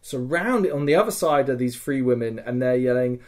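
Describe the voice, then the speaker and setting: Man telling an animated story. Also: mid-range voice, normal speed. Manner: animated, swears often, checks in with "right?" and "okay?". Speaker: podcast host. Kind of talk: casual storytelling chat.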